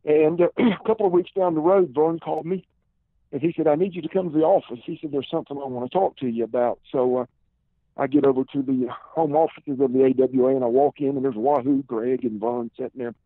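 A man in his fifties with a Southern accent, telling long stories in a relaxed way as a podcast guest, heard over a tinny phone line. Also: mid-range voice, brisk, no echo. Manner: relaxed storyteller, many "uh" and "and" fillers. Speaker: podcast guest, former pro wrestler. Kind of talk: casual storytelling interview.

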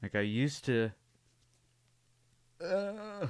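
A podcast host from Cape Breton in Canada, chatting in a rambling, wry and profane way. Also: male voice, on the high side, big pitch swings, very slow, darkish tone, smooth, no echo, studio quality. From Cape Breton Island, Canada. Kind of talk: casual podcast chat.

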